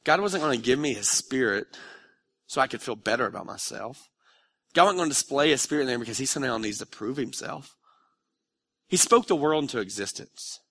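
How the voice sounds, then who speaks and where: A pastor in his thirties preaching a conversational, confessional sermon in a church sanctuary. He often builds from reflective speech into loud, high-pitched pleading. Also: gravelly.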